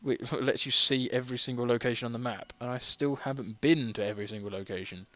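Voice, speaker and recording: A man's voice: mid-range voice, fairly even intonation, quick pace, a bit bright, no room sound. Brief: man, slightly drunk, self-mocking game streamer, dry close sound. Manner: rambling, self-deprecating, laughs often. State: tipsy. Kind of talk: casual let's-play commentary.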